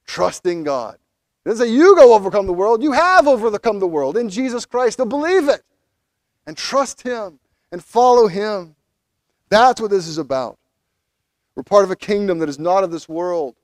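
A pastor preaching a sermon, animated, acting out quoted figures as he goes. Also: sits high, normal speed, dry recording.

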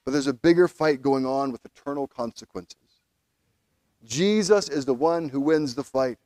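A pastor preaching a sermon, animated, acting out quoted figures as he goes. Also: mid-range voice, moderate pace, no room sound.

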